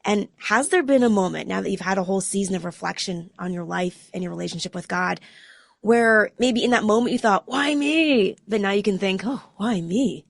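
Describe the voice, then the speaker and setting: A woman's voice: medium pitch, a little fast, vocal fry, no room sound, clean studio sound. A woman co-hosting an interview podcast, asking thoughtful questions. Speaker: podcast co-host.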